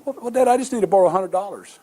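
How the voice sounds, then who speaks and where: A man's voice: high-pitched, very fast, mellow, voice pushed up. A man voicing a young boy pleading with his busy father in a raised, childlike voice.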